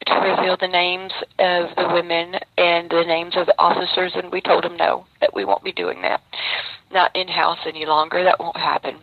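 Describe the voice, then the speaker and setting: Gravelly woman on a muffled phone line. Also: on the low side, a little hiss or hum. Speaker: inmate reporting by phone. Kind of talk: recounting events on a phone call.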